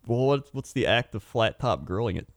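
A man's voice: mid-range voice, lively intonation, normal speed, no room sound, studio quality. A man co-hosting a casual podcast chat, rambling through stories with lots of "like" and frequent laughter. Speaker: podcast co-host.

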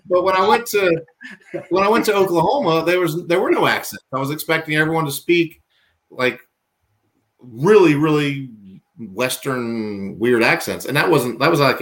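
A man's voice: a little high, a bit bright. A man from Virginia, a podcast guest, rambling through casual chat with self-mocking jokes and stammered restarts. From Virginia, US South.

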